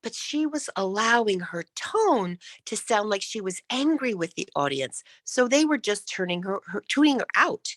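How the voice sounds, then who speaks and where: A woman coaching public speaking in an online workshop, enunciating every syllable crisply and switching between loud and whispered speech. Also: mid-range voice, sing-song, normal speed, few pauses, no room sound.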